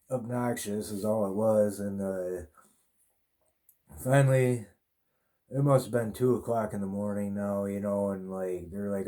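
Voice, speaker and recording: A man's voice: fairly low pitch, steady tone, unhurried, warm tone. A man hosting a podcast, telling a personal story in a rambling, casual way, swearing a lot. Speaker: podcast host.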